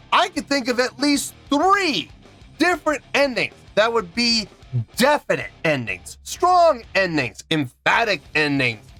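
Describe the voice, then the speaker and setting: A man's voice: sits high, a bit bright. A man reviewing a song in an emphatic, indignant rant, counting out beats aloud. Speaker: music reaction reviewer.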